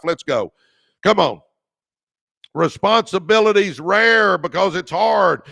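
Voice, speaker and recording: Middle-aged guy hyping up his livestream, kinda high voice w some gravel, dry close sound. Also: fairly bright tone, no room sound. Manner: fired-up, repeats key lines, thanks viewers by name; calls viewers "baby". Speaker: podcast host. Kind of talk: motivational livestream talk.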